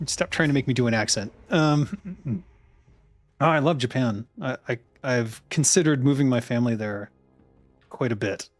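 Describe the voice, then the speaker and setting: A man's voice: mid-range voice, moderate pace, no room sound, faint music behind. Man in his thirties, loose chatty streamer, lots of swearing and muttered asides. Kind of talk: casual chat while ordering food online.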